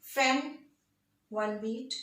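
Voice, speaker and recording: A woman lectures on poetry at a very slow, deliberate pace. Her voice sits fairly high for a woman. She is recorded in a strongly echoing room. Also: fairly bright tone. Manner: slow, deliberate, checks in with "right?". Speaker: literature teacher. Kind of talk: classroom lecture. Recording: very echoey room.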